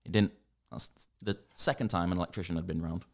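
A man's voice: sits low, quick pace. A young man with a Yorkshire accent, telling a story in casual chat, swearing a lot and acting out what people said. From Northern England. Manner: sweary, animated storytelling, acts out quotes. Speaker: podcast co-host.

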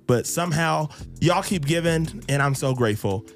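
Male podcast host, animated, half-singing asides, faint music bed. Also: on the high side, normal speed, few pauses. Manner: animated, laughing, sings phrases. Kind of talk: casual podcast chat.

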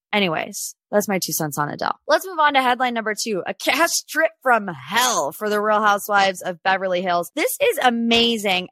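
A woman's voice: mid-range voice, bright, forceful tone, no echo. A woman in her twenties hosting a casual pop culture podcast, chatty and opinionated. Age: 20s. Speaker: podcast host.

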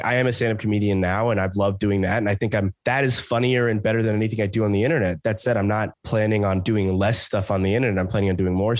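A man's voice: fairly low pitch, no echo, clean studio sound. A man talking casually in an interview, sick with a weakened voice, rambling and self-deprecating. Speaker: content creator and stand-up comedian.

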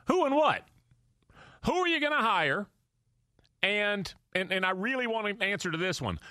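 A man's voice: high-pitched, sharp tone, no room sound, clean studio sound. A man hosting a sports talk show, talking emphatically and firing rhetorical questions at listeners and his co-host. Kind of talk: animated sports radio talk.

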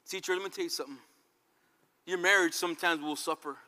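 A man preaching a fervent sermon, swinging between loud calls and quiet passages. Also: on the high side, fast talker. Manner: fervent, dramatic swings in loudness. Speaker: pastor. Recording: long reverb hall.

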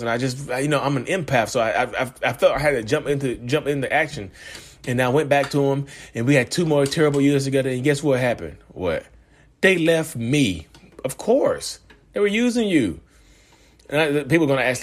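A man's voice: medium pitch, animated, fairly quick. A man hosting his own vlog, talking casually to camera in a rambling way, restarting sentences and addressing viewers directly. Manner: rambling, conversational, frequent restarts and asides to viewers. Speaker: vlog host.

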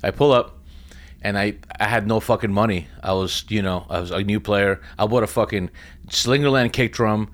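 A middle-aged drummer from the US East Coast, telling tour stories as an interview guest, swearing constantly with lively energy. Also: male voice, on the low side, moderate pace. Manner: profane, animated storyteller. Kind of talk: casual interview storytelling.

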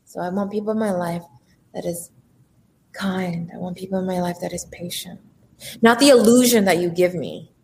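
A woman's voice: lowish voice, moderate pace, a little hiss or hum. A woman speaking as a life coach and entrepreneur, giving an emphatic motivational talk and acting out the voices in people's heads. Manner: animated, emphatic, acts out inner voices.

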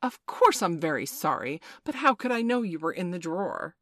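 A woman reading a storybook aloud, voicing a merry, boastful young boy in a raised, lively voice. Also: lowish voice, moderate pace, no echo, studio quality. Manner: bright boyish storybook voice, lively and proud.

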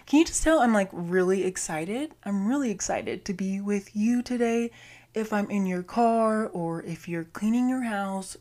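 A woman's voice: medium pitch, darkish tone. A young woman, hosting her podcast in a bubbly, gushing, chatty way. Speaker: podcast host. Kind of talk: solo podcast intro.

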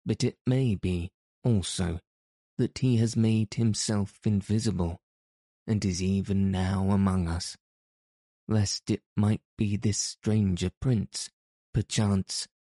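A man's voice: on the low side, fairly even intonation, slow, dark tone, no echo, studio quality. A man voicing a timid male imp servant who pleads humbly and stammers in fear. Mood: pleading, fearful.

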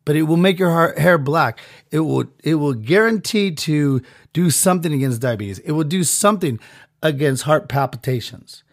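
Rambling crude podcast host, a man, slightly high voice, dry close mic. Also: animated, moderate pace, dry recording. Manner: rambling, crude, swings between loud and muttered. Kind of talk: profane mock ad rant.

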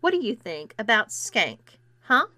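A woman voicing a bold teenage cheerleader in a storybook reading, loud and blunt. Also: a little high, sing-song, unhurried, no echo, exaggerated voice. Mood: threatening.

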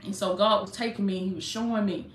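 A woman preaches a live-streamed sermon, speaking fervently and straight to her listeners. She sounds a little jittery from coffee. Her mid-pitched voice rings out in an echoey room. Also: steady tone, quick pace, a little hiss or hum. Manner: fervent preaching with casual direct address. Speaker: life coach and preacher.

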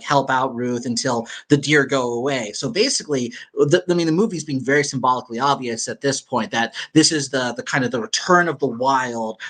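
A man with a bright, forceful voice talks through a film on a podcast. He explains at length and pads his points with "like" and "you know". His tone stays analytical and steady. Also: medium pitch. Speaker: podcast co-host.

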